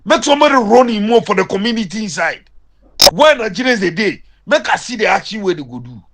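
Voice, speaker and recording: A man's voice: high-pitched, sing-song, a little fast, heavy background noise. A young Ghanaian man with a Ghanaian accent, sending a confrontational voice-message rant in Pidgin English.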